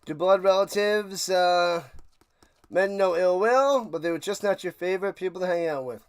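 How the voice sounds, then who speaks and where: A man hosting a live football reaction stream, ranting sarcastically and calling plays, swinging between muttering and loud outbursts. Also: sits high, normal speed, smooth, no room sound. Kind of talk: live sports reaction and play-by-play.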